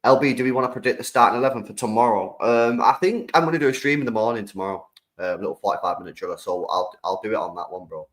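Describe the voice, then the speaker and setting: Brief: young British male streamer, lowish voice, slangy and animated, chatting to viewers. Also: very fast, low-quality recording. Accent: British English. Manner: slangy, animated, talks to the chat. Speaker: streamer host. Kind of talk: live-stream football reaction chat.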